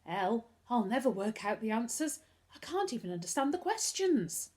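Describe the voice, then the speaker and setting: A woman reading aloud and voicing a frightened, despairing young schoolboy in a high, wailing voice. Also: sing-song, moderate pace. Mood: desperate.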